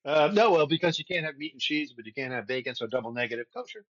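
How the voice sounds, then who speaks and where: A man's voice: a little high, lively intonation, fast talker, a bit bright, dry recording, lo-fi sound. A man co-hosting a podcast in casual political chat, with wry, sarcastic asides. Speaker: podcast co-host.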